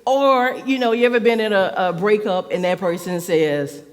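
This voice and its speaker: A woman's voice: mid-range voice, moderate pace. A woman church elder giving a conversational sermon, peppering her talk with "like" and laughing often. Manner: chatty, fills speech with "like", laughs often. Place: church sanctuary. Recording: reverberant church hall.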